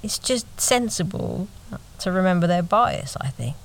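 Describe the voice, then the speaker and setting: A woman in young adulthood tells a first-person story with wry, chatty humour and a fair bit of swearing. Her voice sits a little low. At tense moments she drops into a hushed whisper. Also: animated, a little slow. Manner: wry, conversational, swears freely, slips into whispers. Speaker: podcast narrator and host.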